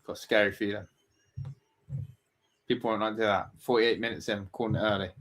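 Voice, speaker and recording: A man hosts a live football watch-along for his fan channel, ranting and swearing in exasperation at his team. His voice is fairly low and a bit bright, with a steady tone and a brisk pace.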